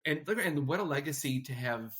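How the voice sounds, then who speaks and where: A man's voice: a little high, animated, a little fast, a bit bright. Man hosting an interview, enthusiastic. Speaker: host rabbi. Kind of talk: interview chat.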